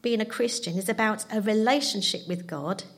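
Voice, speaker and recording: A woman tells her own story in a church talk. She speaks in a chatty, self-deprecating way, with her pitch in an ordinary middle range for a woman. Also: moderate pace. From London. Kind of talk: personal testimony talk.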